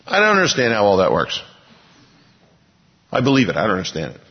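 A man preaching a sermon, reading scripture slowly and building to emphatic bursts. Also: lowish voice, huge pitch swings, husky. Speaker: pastor. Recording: dull, lo-fi with long hall reverb.

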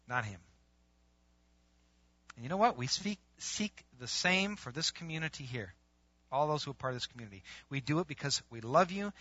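A man's voice: mid-range voice, breathy edge, no echo. A male pastor preaching a conversational sermon, acting out bits of dialogue. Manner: animated, conversational, acts out dialogue. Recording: muffled, dry lo-fi recording.

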